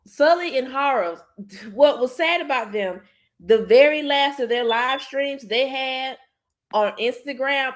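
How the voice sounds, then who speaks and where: A woman's voice: high-pitched, a little slow. A woman hosting a podcast in casual chat, speaking bluntly and emphatically, swearing freely. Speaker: podcast host.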